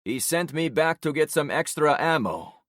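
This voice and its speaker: A man's voice: lively intonation, normal speed, fairly bright tone, no room sound, studio quality. A man voicing an evasive male gang member who fumbles and stalls as he answers. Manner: fumbling, stalling, raised pitch. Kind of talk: audiobook character voice.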